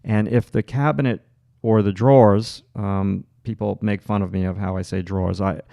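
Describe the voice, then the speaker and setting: Gravelly Long Island art teacher. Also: male voice, on the low side, fairly even intonation, moderate pace, warm tone, dry recording. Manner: thinks aloud while drawing, with frequent fillers and restarts. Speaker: art instructor. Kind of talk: livestream drawing demonstration.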